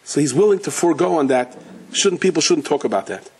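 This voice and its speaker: Animated storytelling rabbi, slightly husky. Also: male voice, fast. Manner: animated storyteller, acts out quotes with big pitch jumps. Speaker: rabbi giving a Torah lecture. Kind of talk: storytelling Torah lecture.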